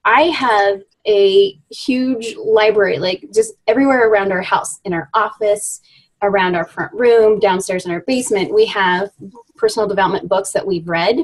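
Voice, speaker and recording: A woman's voice: mid-range voice, normal speed, rough recording. A woman in her thirties coaching her team in a casual live video chat, chatty and upbeat with many fillers.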